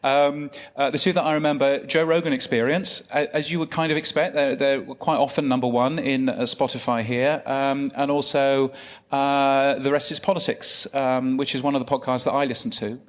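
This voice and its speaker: A man's voice: medium pitch, steady tone, normal speed. A man co-hosting a live podcast news show, chatting with lots of ums and restarts. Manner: chatty, many fillers and restarts. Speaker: podcast co-host. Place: live event stage.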